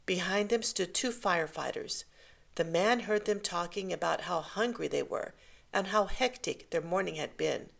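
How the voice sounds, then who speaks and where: Woman reading a story out loud, kinda low voice with some fry, calm and measured. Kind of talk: scripted story narration.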